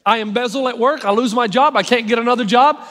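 A man pastor preaching a sermon with wry, self-mocking humor, slowing down to stress key phrases. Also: extremely high pitch, a bit bright. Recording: long hall reverb.

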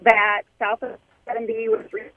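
A woman's voice: on the high side, level tone, normal speed, dry recording. A woman phones in and lays out her complaint plainly. Her voice comes through a thin, breaking-up phone line, dry and close. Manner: plain, matter-of-fact. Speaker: caller. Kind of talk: call-in radio complaint.

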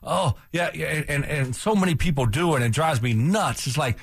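A man's voice: fairly high pitch, normal speed, breathy edge, dry recording, studio quality. Ranting, fired-up sports radio man. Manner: heated, ranting, repeats himself. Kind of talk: casual sports talk.

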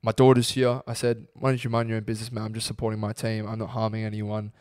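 A young Australian man co-hosting a podcast, telling a story with lively quoted voices. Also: fairly low pitch, quick pace, clean tone, no echo, studio quality. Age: young adult. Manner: animated storyteller acting out quotes. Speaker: podcast co-host. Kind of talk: casual podcast chat.

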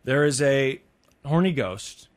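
A man's voice: mid-range voice, animated, slow pace. A man hosting a podcast, retelling a story in casual chat and acting out the quoted voices. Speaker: podcast host.

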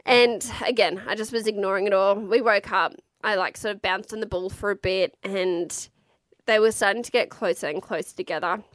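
A woman in her thirties tells a personal story in a relaxed, candid way, with plenty of fillers and casual swearing. Her voice sits at a middle pitch. The sound is close and dry. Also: normal speed, no echo. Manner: frank, chatty, swears freely, lots of fillers. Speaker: mother telling her birth story.

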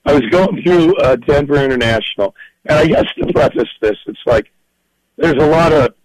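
A film director being interviewed, telling stories in a lively, animated way and laughing often. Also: male voice, fairly high pitch, normal speed, poor audio. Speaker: film director and writer, guest. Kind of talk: storytelling in a podcast interview.

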